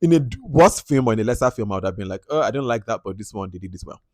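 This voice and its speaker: Fast-talking Nigerian man reviewing films. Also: lowish voice, no echo, clean studio sound. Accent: Nigerian English. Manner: animated, acts out lines and quotes with mixed-in pidgin. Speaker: film reviewer. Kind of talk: casual movie review to camera.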